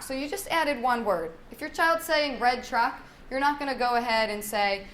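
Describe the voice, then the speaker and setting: In a workshop room with slight background noise, a young adult woman speaks at a moderate pace in a slightly high, fairly bright voice. She is a speech-language pathologist leading a conversational parenting workshop, often asking "right?" and modeling child talk in a lilting singsong.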